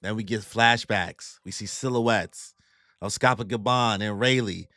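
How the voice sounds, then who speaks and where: A man's voice: on the low side, measured pace, sharp tone, no room sound, studio quality. A young man casually recapping a manga chapter, telling it in heavy slang and acting out the characters' lines. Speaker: YouTube manga reactor.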